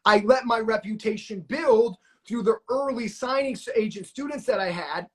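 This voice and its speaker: A man hosting a live-stream coaching session, talking in an energetic, motivational, hype-man way. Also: high-pitched, normal speed. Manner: pumped-up, hype-man, shouts "let's go". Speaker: notary training coach and live-stream host. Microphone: phone or webcam on a video live stream.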